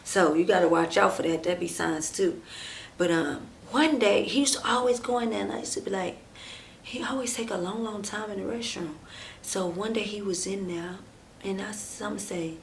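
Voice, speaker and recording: A chatty woman with a medium-pitched voice and vocal fry tells a casual storytime vlog, with a little hiss or hum in the audio. She's animated, speaks straight to viewers, acts out quoted dialogue, and uses drawn-out fillers plus frequent "like" and "and stuff".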